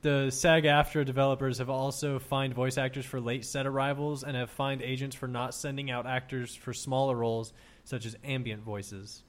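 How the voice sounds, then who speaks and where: A man's voice: mid-range voice, level tone, moderate pace. A man co-hosting a casual chat show, reading out news items with blunt, sarcastic, swearing remarks. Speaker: podcast co-host reading news.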